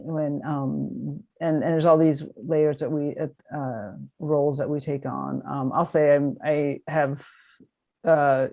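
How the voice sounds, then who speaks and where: A woman professor speaking over a video call with a mellow, dark tone. She talks earnestly, pausing and searching for words as she works through her answer. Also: low-pitched. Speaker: history professor, panel guest. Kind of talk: casual reflective discussion.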